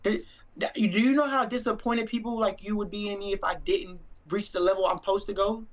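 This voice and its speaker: A man's voice: sits high, fairly even intonation, fairly quick, crowd noise, rough recording. A young man and stream co-host, talking earnestly and sincerely in a heartfelt casual chat, often repeating himself. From Mexican-American.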